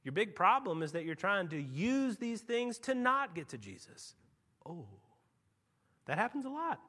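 A pastor delivers a lively sermon, his voice pitched high and swooping all over the place. He tells stories casually, then builds to loud, emphatic peaks before dropping to quiet asides. His tone is bright and forceful. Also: unhurried. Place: church.

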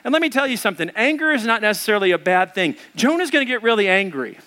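Fast-paced and full of life, a man in his thirties or forties preaches to his congregation in a high, bright, ringing voice. He's a storytelling preacher spinning a comic tale in his sermon, acting out each quote as he goes.

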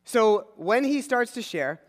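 A man preaching a sermon as pastor, retelling a story in an animated way and acting out the voices of the people in it. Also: very high-pitched, measured pace, big-room sound.

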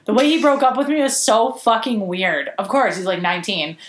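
A woman's voice: mid-range voice, expressive, brisk, echoey room. A young woman co-hosting a casual podcast, telling stories bluntly with lots of swearing and "like.". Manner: blunt, profane, heavy use of "like". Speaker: podcast co-host.

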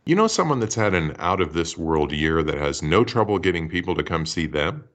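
A male podcast host with a lowish voice that rises and dips freely. He delivers comic bits with a dry, correcting edge, then slides into plain interview questions. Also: very animated, brisk, fairly bright tone. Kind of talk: comedy skit and interview hosting.

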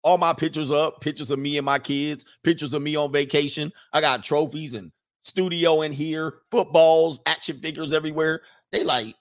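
A man's voice: a little high, normal speed, a bit bright. A man riffing casually and comically as a streamer reading viewer comments, slangy and crude, breaking into laughter often.

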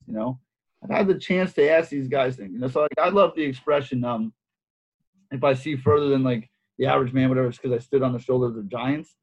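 A man's voice: fairly high pitch, fast talker, darkish tone, husky. A man who coaches wrestling, telling stories in a casual interview with lots of repeated phrases and fillers. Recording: dull lo-fi sound.

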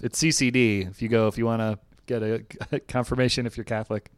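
A man's voice: medium pitch, little pitch movement, fast talker, smooth, no room sound. New york guy joking around on a call from his hotel, laughs a lot, medium voice, dry close sound. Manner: joking, laughs often, trails off with fillers. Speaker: comedian podcast host. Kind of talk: casual chat. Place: hotel room. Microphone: remote call with headphones.

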